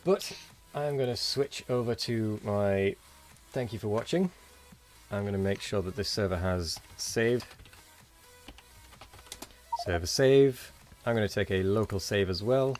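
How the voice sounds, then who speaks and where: A man speaking in a fairly low voice, chatting loosely on a late-night game stream. He sounds tired and wanders from thought to thought while thanking viewers. Faint music plays under his voice. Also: a little slow, darkish tone. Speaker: streamer host. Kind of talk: casual live-stream chat.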